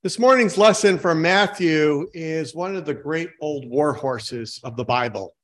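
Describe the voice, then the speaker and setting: A man preaching a sermon in a relaxed, conversational way, asking his congregation questions and poking fun at himself. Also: fairly high pitch. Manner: informal, asks the congregation questions, self-mocking jokes. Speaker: pastor.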